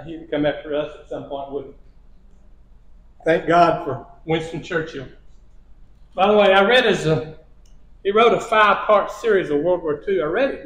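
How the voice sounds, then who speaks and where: A man's voice: high voice, slight background noise. A man giving a church lesson, telling history stories with repeated phrases and small chuckles. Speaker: preacher. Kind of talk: sermon lesson. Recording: echoey church hall.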